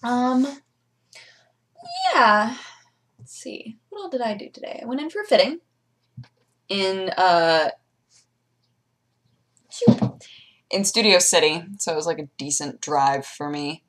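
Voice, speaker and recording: A young woman vlogger chatting casually, telling animated stories and jumping into high squeaky voices for her pets. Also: slow, pauses often, a little hiss or hum. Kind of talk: casual chat.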